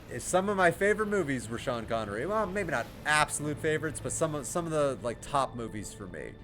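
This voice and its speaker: A man's voice: mid-range voice, a bit bright. A man with an American accent giving casual, rambling commentary while playing a game, laughing often. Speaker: gaming streamer. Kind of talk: casual let's play commentary. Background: game music.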